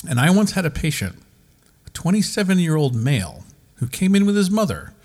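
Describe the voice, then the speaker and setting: A man's voice: fairly high pitch, a little fast. A man who works as a doctor, hosting a podcast and telling patient stories with restarts and acted quotes. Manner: animated anecdotes with acted quotes, many restarts. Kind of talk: casual podcast chat, storytelling.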